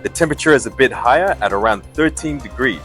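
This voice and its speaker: A man's voice: medium pitch, animated, quick pace, a bit bright, soft background music, voice pushed up, natural voice. A man playing an upbeat male TV weatherman with a breezy, jokey forecaster delivery.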